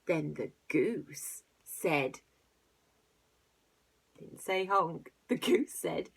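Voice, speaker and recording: Woman, teacher reading a storybook aloud to little kids, husky and unhurried, playful with the animal noises. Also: sits high, big pitch swings. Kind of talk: reading a picture book aloud to young children.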